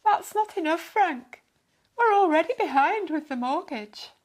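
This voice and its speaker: A woman's voice: very high voice, animated, measured pace, voice pushed up. A woman voicing an anxious working-class wife who presses and slightly scolds her husband in a read-aloud story.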